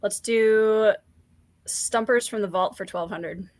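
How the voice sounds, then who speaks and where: A woman playing as a quiz contestant, giving brief, unhurried answers. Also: medium pitch.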